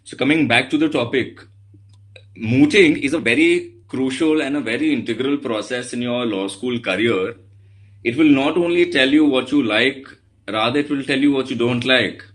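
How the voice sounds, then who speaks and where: A man speaks as a guest lawyer to law students over a video call. He talks in an earnest, measured way, addressing his listeners directly. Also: mid-range voice, a bit bright, poor audio.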